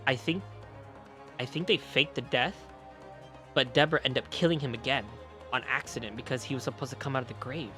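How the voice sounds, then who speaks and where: A man streaming a game, talking through it in an animated, excitable way with swearing and laughs. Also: medium pitch, a little fast, long pauses, music in the background. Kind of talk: casual game commentary.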